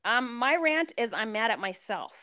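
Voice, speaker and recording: A young woman co-hosting a podcast, telling a story in a profane, animated way. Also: on the high side, moderate pace, clear, resonant tone, no echo. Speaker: podcast co-host. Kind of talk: casual chat.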